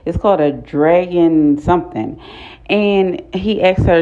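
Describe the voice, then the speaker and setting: A woman giving a casual, blunt, profane recap of a TV episode, talking in an animated way. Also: fairly low pitch, a little slow, lo-fi sound. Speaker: TV recap vlogger.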